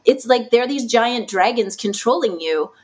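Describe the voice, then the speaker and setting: Woman, podcast guest, fairly high voice, animated, playful, acts out quotes. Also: normal speed, breathy edge. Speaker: podcast guest, healing practitioner. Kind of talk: casual conversational interview.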